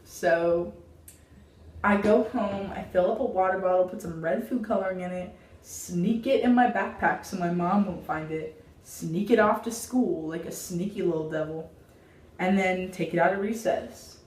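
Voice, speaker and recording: A woman's voice: fairly low pitch, normal speed. Young woman dramatic storytime, says like a lot, roomy sound, bit far from the mic. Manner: animated, dramatic, heavy on "like". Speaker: vlogger. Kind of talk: casual storytime.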